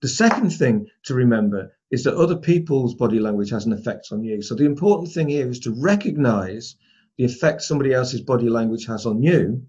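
A man's voice: mid-range voice, animated, brisk, warm tone, breathy edge. A man leading a training course, talking conversationally and addressing the group directly in a training room. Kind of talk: spoken training lesson. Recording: dull lo-fi recording.

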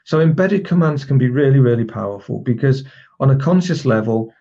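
Husky-voiced male trainer explaining techniques. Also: medium pitch, expressive, a little fast, warm tone, lo-fi sound. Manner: explanatory, with frequent restarts and demonstration phrasing. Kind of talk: recorded teaching lesson.

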